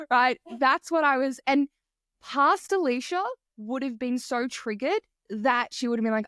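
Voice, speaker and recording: Bubbly higher-voiced woman podcast host. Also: unhurried, a bit bright, clean tone, no echo, clean studio sound. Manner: enthusiastic, swears casually, acts out quotes. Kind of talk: casual interview chat.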